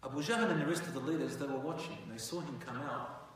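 A man telling a dramatic story as a sermon, going from hushed lines to loud, animated ones. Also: medium pitch, fast, far from the mic. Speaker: preacher. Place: mosque prayer hall. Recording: echoey hall, mic from afar.

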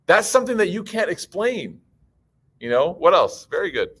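A man speaks to a live audience in a relaxed, conversational religious talk, acting out voices as he tells stories. His pitch jumps up and down a lot as he talks, and he keeps asking the crowd questions. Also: moderate pace, slightly rough. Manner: lively storytelling, acts out voices, asks the crowd questions. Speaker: Muslim speaker giving a talk.

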